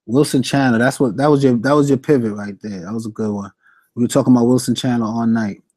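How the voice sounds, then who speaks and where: A young man on a fantasy sports stream talks at a quick pace in a warm, mellow, medium-pitched voice, slangy and animated as he chats casually. Close, dry audio with little room sound and no echo carries his frequent shout-outs to the chat.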